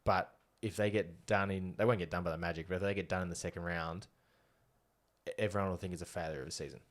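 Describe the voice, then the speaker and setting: An Australian man with a low voice co-hosts a podcast, speaking quickly with fairly even intonation. He chats casually about basketball and confidently makes bold predictions.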